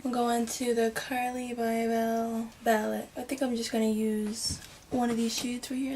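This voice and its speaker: Chatty woman vlogger, bright higher voice. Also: slight background noise. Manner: chatty and rambling, with soft muttered asides. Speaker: beauty vlogger. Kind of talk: casual makeup tutorial.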